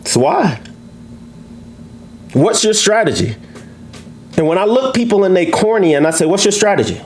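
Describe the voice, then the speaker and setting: Brash, animated man teaching trading. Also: unhurried, slight background noise. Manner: brash, challenging, boastful; animated, swoops up into high pitch for emphasis. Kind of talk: live trading lesson to viewers.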